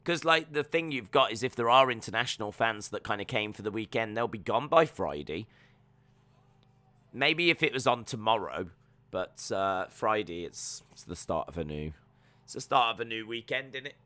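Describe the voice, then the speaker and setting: Chatty streamer, bright tone, dry mic, reads chat and riffs on the show. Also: male voice, fairly low pitch, animated, moderate pace, no room sound. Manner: joking, rambling, reads viewer comments aloud. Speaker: watch-along streamer. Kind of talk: live reaction stream, reading chat.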